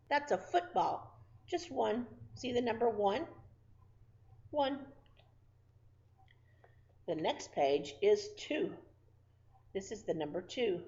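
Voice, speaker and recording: Woman, preschool teacher, circle time, slow, sing-song, dull lo-fi recording. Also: mid-range voice, sing-song, darkish tone. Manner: slow, sing-song, speaking to small children. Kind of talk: circle time lesson for young children.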